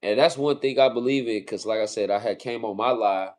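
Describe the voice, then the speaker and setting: A man's voice: on the low side, brisk. A man from California co-hosting a casual livestream, talking earnestly and often repeating phrases. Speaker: livestream co-host.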